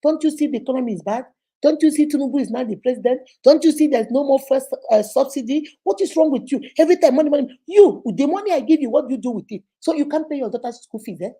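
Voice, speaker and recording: A stingy middle-aged husband scolding his wife in a dismissive, irritated voice, as a Nigerian woman acts him out. Her voice stays warm and mellow, fairly high, with a Nigerian accent. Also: expressive, fast talker, gravelly, few pauses, breathy edge, full character voice.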